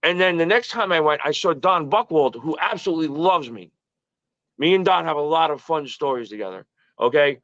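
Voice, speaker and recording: A man in his early forties tells stories with a slightly high pitch, swearing freely and tripping over repeated words. The audio is dull and lo-fi, and the sound is dry. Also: expressive, fairly quick, fairly bright tone, dry recording. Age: early 40s. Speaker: guest. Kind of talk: casual podcast chat.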